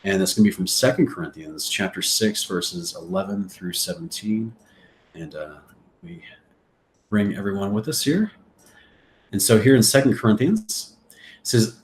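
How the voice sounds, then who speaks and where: A man's voice: lowish voice, animated, moderate pace, pauses often, echoey room. A man hosting a Bible study, reading scripture aloud and adding chatty, jokey asides. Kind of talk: casual scripture reading and commentary.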